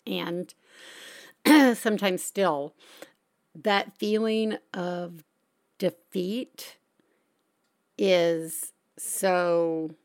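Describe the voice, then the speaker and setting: A woman hosting a podcast, answering a caller slowly and reassuringly, with long pauses. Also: on the low side, fairly even intonation, a little mellow. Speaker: podcast host. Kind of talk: supportive podcast talk.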